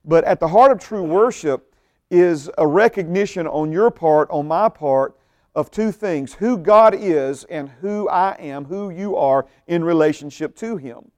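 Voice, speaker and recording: Male pastor, slightly high voice, emphatic sermon delivery with frequent repetitions and audience check-ins. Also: unhurried, darkish tone. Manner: emphatic, repeats words, asks the audience questions.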